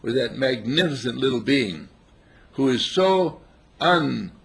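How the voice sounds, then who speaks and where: A man giving an informal sermon on a spiritual path, telling stories with animated chuckles. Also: medium pitch, normal speed, gravelly, husky. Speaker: spiritual teacher.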